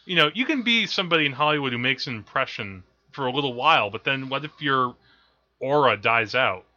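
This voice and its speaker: A man co-hosts a film podcast, casually chatting about films, rambling, correcting himself and often laughing at his own stories. His medium-pitched voice is bright and forceful, with lively intonation and a fairly quick pace, on dull lo-fi audio.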